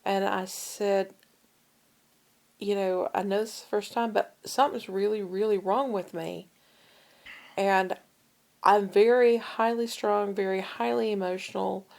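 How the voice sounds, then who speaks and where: Speaking at a measured pace with frequent pauses, this podcast co-host has a creaky, mid-range voice. She shares a personal story in relaxed conversation, bringing the people she quotes to life with animated impressions.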